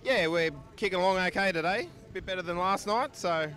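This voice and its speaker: Speaking briskly in a sharp, high-pitched voice, this Australian sidecar racer fields trackside questions at an outdoor speedway. The interview is casual, and he stays steady and matter-of-fact throughout.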